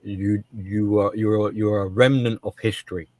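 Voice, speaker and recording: A man with a fairly low voice talks through ideas on a podcast, stressing his points hard and circling back over his own words. The sound is dry and close, with no room around it. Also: steady tone, a little slow, mellow, no room sound. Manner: emphatic, repeats and restarts words. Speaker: co-host. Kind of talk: casual podcast discussion.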